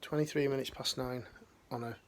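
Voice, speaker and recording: Middle-aged man, ex-military life coach, gravelly, slangy and heartfelt, restarts a lot. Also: mid-range voice, steady tone, a little fast, slight background noise. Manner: earnest, slangy, rambling with restarts. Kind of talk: emotional motivational talk.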